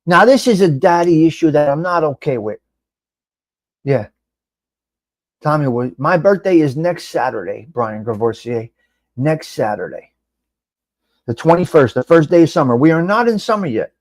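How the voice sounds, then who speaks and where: A middle-aged man hosting a casual live-stream chat, rambling and animated, reading out viewers' names and swearing now and then. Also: on the high side, normal speed, long pauses, no room sound. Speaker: live show host.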